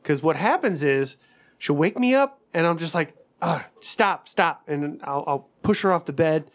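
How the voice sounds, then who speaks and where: A man's voice: a little high, lively intonation, normal speed. Casual male podcast voice, rambling and profane, tells stories with false starts. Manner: rambling, profane, self-deprecating storytelling. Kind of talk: casual chat.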